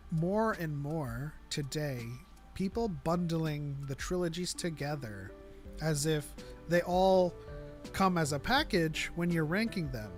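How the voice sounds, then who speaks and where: A man co-hosting a fan podcast in casual chat, arguing his points at length and laughing often. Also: a little high. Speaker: podcast co-host.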